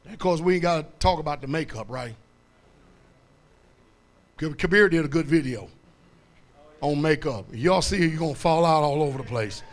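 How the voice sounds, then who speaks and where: A high-pitched male pastor delivering a sermon in a blunt, colloquial way. He keeps asking his congregation to finish verses and climbs to loud, emphatic preaching. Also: moderate pace, pauses often.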